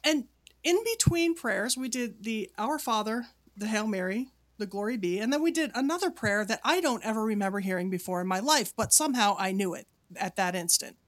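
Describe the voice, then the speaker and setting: A woman's voice: medium pitch, lively intonation, a little fast. A woman co-hosting a casual podcast chat, animatedly telling a spooky story and acting out the dialogue. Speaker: podcast co-host.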